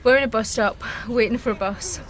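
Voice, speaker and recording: Breathless British mum vlogging outdoors. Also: female voice, a little high, fairly quick, slight background noise. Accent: British English. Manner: chatty, laughing, talking while walking. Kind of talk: casual vlog chat to camera. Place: outdoors in a town, at a bus stop.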